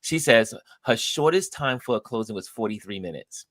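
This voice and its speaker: A man's voice: medium pitch, moderate pace, no echo. A man hosting a live stream, chatting casually and animatedly acting out the people in his stories. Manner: animated storyteller, acts out others' lines. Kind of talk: casual chat.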